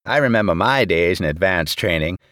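A man's voice: low-pitched, expressive, a little fast, a bit bright, dry recording, voice pushed down. A man voicing a distractible older male rear admiral who rambles off topic, in a dry recording. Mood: rambling.

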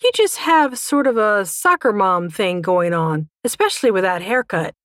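A woman's voice: mid-range voice, expressive, normal speed, a bit bright, no echo, studio quality, lightly acted. A woman reader voicing a huge, short-tempered mother dragon who squawks and snaps. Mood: snappish. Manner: squawking, snappy, easily flustered.

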